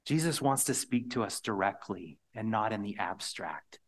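A man preaching a sermon, earnest and storytelling, sometimes dropping to a hushed whisper on key words. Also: on the low side, animated, normal speed. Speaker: pastor.

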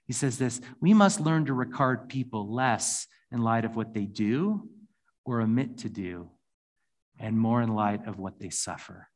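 A man's voice: lowish voice, a little slow. A man preaching a sermon. He reads scripture passages aloud and then explains them in a conversational way. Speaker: pastor.

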